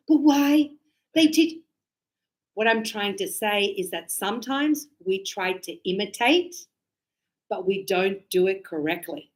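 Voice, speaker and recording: A woman's voice: medium pitch, measured pace. A woman English teacher explaining casually to her class and acting out little quoted exchanges. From Australia. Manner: animated, acts out short quoted exchanges.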